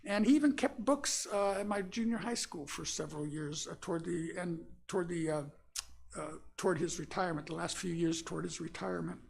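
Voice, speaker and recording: An older man from Florida, a minister giving a personal storytelling sermon in a relaxed, folksy way, pausing often with fillers. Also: high-pitched, vocal fry. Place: church sanctuary.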